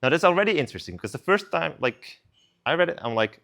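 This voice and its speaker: A young man gives a casual sermon at a student service. He retells the story in an animated, conversational way. His speech is loose and full of filler like "like". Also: fairly high pitch, fast, creaky. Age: young adult.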